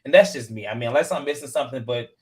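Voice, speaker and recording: Rapid-fire and medium-pitched, he's a podcast co-host on a casual show recapping reality TV. His delivery is animated and chatty, packed with fillers and repeated quotes.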